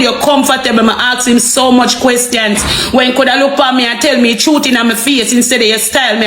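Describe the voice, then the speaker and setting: A woman's voice: a little high, a bit bright, slight background noise. A woman with a Jamaican accent ranting to viewers on a livestream. She repeats herself and keeps asking rhetorical questions. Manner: heated, repetitive, rhetorical questions. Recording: echoey room, faint music.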